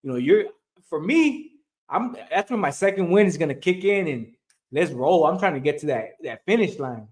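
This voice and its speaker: A man's voice: a little high, expressive, normal speed. A man on a sports talk show, frustrated and rambling, full of fillers.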